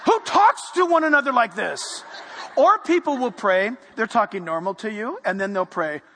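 A man preaching a sermon, animated and playful, dropping to a hush for emphasis. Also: high-pitched, normal speed, in a large hall, slight background noise. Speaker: pastor.

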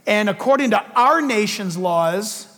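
A fervent male preacher with a very high voice delivers an emphatic political sermon. He presses on with rhetorical questions and repeated phrases, and his words ring out with a long reverb in a large hall. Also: expressive, measured pace, bright, forceful tone.

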